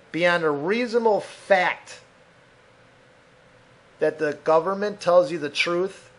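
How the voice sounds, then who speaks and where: A man rants angrily on a desk mic, his voice pitched high. He swears constantly and slips into mocking impressions of other people. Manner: angry, profane, loud ranting with mocking voices. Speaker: podcast host. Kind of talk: solo rant podcast. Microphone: desk mic at a computer.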